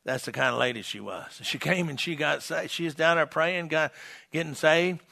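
A man preaching an evangelistic sermon, fiery and folksy, shouting at the peaks and dropping low and quiet to tell stories. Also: normal speed, gravelly. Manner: folksy, humorous.

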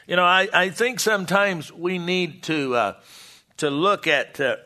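A man teaching a Bible sermon, reading scripture aloud and explaining it, halting and restarting often. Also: high-pitched, bright, forceful tone. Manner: slow, halting, with many restarts and fillers. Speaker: preacher.

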